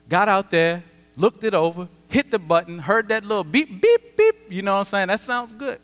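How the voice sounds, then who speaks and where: A man pastor preaching a sermon, conversational and animated with dramatic pauses. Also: high-pitched. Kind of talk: sermon with personal storytelling. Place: church sanctuary. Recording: long church hall reverb.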